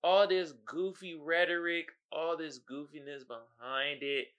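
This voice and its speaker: Animated man with a bright voice. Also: on the high side, measured pace. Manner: animated, loud outbursts and laughing asides. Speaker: podcast host. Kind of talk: casual comedic commentary.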